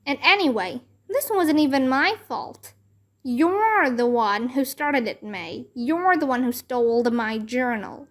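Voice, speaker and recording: A woman voicing a feisty, bossy little first-grade girl who protests loudly and indignantly in a children's book read-aloud. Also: sits high, expressive, slow, exaggerated voice. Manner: indignant, loud, stamping protests.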